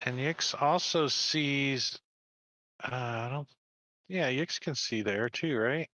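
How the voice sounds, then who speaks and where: A man's voice: medium pitch, slow, bright, forceful tone, no echo. A man narrating and ruling as game master in a casual tabletop game, with dry, matter-of-fact rulings.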